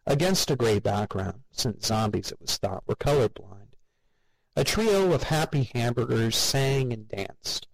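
A man narrating an audiobook in a measured, wry way. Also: medium pitch, lively intonation, creaky, no echo, poor audio.

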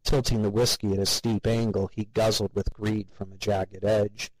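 A man narrating a story with a steady, even reading. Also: lowish voice, normal speed, low-quality recording.

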